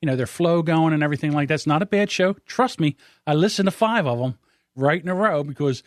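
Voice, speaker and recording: A man in his fifties hosts a podcast, chatting casually with his co-host and telling animated stories in which he acts out what others said. His slightly high voice moves at a quick pace and sounds close and dry, with no echo.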